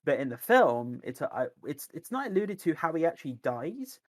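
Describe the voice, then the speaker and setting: A man's voice: fairly high pitch, big pitch swings, moderate pace, dry recording. A man co-hosting a podcast, chatting casually and enthusiastically about films and games, rambling with lots of restarts. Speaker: podcast co-host. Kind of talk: casual film and games discussion.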